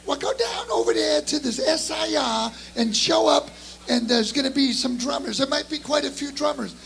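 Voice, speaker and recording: Guy doing a high loud long island lady, brisk and bossy, bright and gravelly. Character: brisk Long Island woman organizing auditions.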